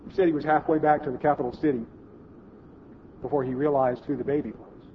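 A man preaching a sermon in an auditorium, telling a story and dropping to a hush at its emotional moments. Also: fairly high pitch, steady tone, fast, dull audio, a little hiss or hum.

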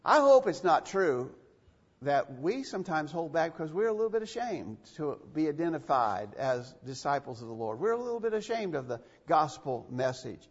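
A man preaching in a husky, fairly high voice, pressing his points and repeating phrases to drive them home. His words ring out with a long echo through a church hall. The recording sounds dull and lo-fi. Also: big pitch swings, normal speed. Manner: emphatic, repeats phrases for stress. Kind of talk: sermon.

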